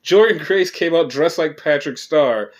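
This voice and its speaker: A man hosting a podcast, recapping wrestling shows in a rambling, profane and animated way. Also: a little high, measured pace. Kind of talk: casual chat.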